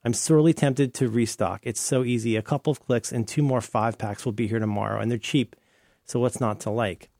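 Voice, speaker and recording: A man's voice: mid-range voice, fairly even intonation, brisk, creaky, darkish tone, no room sound, studio quality. A man hosting a podcast in casual chat, rambling and playful as he riffs from one tangent to the next. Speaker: podcast host.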